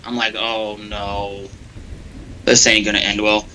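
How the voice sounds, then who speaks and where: A man chatting casually as a guest on a gaming stream, telling animated stories with laughter and the odd swear. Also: on the low side, measured pace, low-quality recording. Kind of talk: casual storytelling chat.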